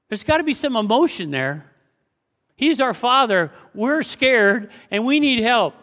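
A man preaching a sermon as pastor, swinging between loud exclamations and hushed, low passages. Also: big pitch swings, measured pace. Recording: long hall reverb.

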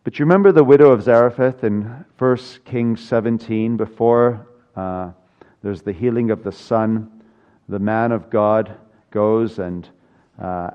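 A man's voice: fairly low pitch, clear, resonant tone, lo-fi sound. An older man preaching a sermon as pastor, earnest with dry humor and emphatic repetition of key lines.

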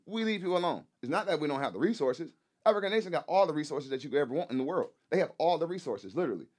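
Podcast guest: man, quick and forceful, loose slangy talk, a touch high, hammers his points home. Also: animated. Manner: emphatic, repeats himself, keeps saying "you know what I'm saying"; profane, loose slangy delivery. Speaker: guest, rapper and activist. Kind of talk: casual podcast chat.

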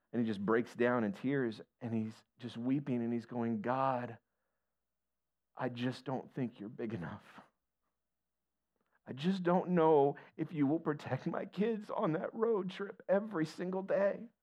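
A man preaching a sermon and telling a story, building his voice up with feeling and then dropping to near-whispers. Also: darkish tone. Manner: emotional, builds to a raised pitch then drops to near-whispers. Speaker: pastor.

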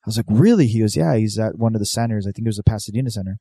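Casual male co-host, rambling storyteller, mellow voice, close dry sound. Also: fairly low pitch, steady tone, rapid-fire, breathy edge, no echo. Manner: rambling, profane, laid-back, lots of fillers.

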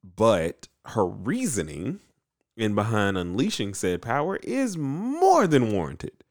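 Deep dude recapping a show, real lively pitch, bounces between voices, casual chat vibe. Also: male voice, takes it slowly. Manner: animated storytelling, acts out characters in voices. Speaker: podcast co-host recapping an anime.

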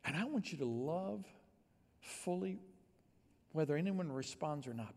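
A male pastor preaching a sermon, swinging from hushed, near-whispered passages to loud, emphatic ones. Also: a little high, expressive, unhurried, long pauses, big-room sound.

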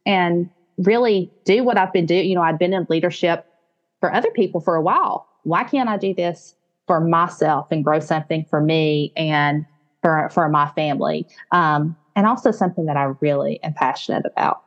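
A woman's voice: low voice, normal speed, muffled recording. A woman in her late forties with a Southern US accent, telling her story as a podcast guest. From American South. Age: 40s. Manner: warm storytelling, animated, quotes her own thoughts. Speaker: guest, business founder. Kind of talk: podcast interview.

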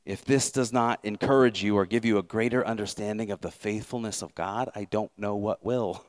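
A man's voice: lowish voice, fairly even intonation, normal speed, a little mellow. A man preaching a sermon as pastor, earnest and repeating words as he builds each point.

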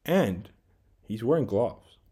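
A man with an Australian accent rants through a solo podcast segment. His voice sits low and dark, and he swears freely as he rambles through his grievances. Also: expressive, slow pace, slightly rough. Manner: angry, heavy swearing, rambling rant; self-described big guy who coaches team training. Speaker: podcast host. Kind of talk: solo ranting monologue.

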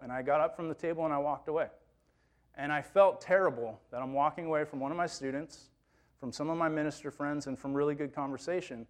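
A man's voice: a little high, quick pace. A man who works with teens, preaching a sermon as a personal story in a conversational, self-quoting way. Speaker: youth minister preaching.

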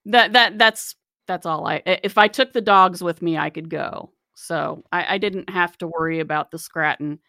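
A woman's voice: lowish voice, moderate pace, few pauses, pushed and bright, no room sound, clean studio sound. A woman chatting casually about her childhood, a little hesitant, with restarts. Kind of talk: casual chat.

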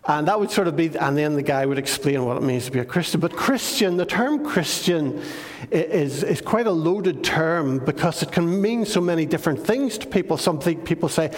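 Older preacher in a hall. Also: male voice, on the high side, animated, normal speed. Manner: chatty, self-deprecating storytelling. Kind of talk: sermon with anecdotes.

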